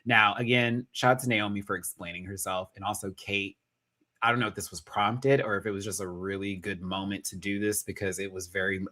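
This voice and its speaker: A man, casually reviewing a drag competition on a live stream, animated and quick to laugh. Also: low-pitched. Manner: animated, jumps into impressions and laughs often.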